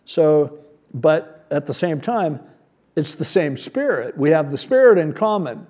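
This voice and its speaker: A man's voice: on the high side, animated, unhurried, darkish tone. A man preaching a sermon as pastor, teaching verse by verse in a conversational, plain-spoken way and asking rhetorical questions.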